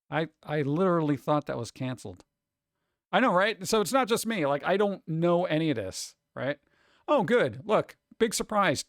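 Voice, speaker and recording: A man's voice: a little high, no room sound, clean studio sound. A man hosting a casual stream, rambling through news with sarcastic, mocking asides. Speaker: streamer host. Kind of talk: casual chat.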